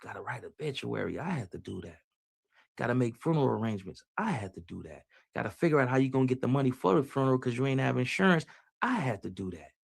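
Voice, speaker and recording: A man's voice: mid-range voice, lively intonation, fast talker, gravelly, slightly rough. A man giving casual, preachy motivational talk on a livestream, using street slang and repeating his phrases as he reads the chat.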